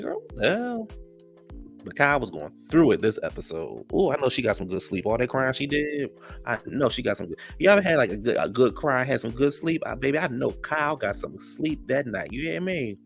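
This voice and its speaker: Man, gravelly fry, sassy gossipy recap, casual chat, says honey and child. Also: mid-range voice, a bit bright. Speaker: reality TV recap host. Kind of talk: casual episode recap commentary.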